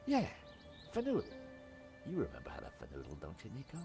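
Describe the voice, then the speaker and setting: An actor voicing a game character who slips into an old-time noir gangster drawl while playing a tough investigator. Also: male voice, lowish voice, huge pitch swings, normal speed, vocal fry, over music, full character voice. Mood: scheming.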